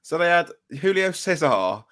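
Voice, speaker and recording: A man's voice: sits high, sing-song, fairly bright tone. A man hosting a podcast, chatting casually about football and reading out player names. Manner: reels off player names slowly while reading a list. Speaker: podcast host.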